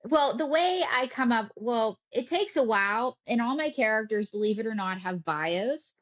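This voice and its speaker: A woman, a ventriloquist, talking casually as an interview guest with animated storytelling. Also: a little high, moderate pace, highs cut off.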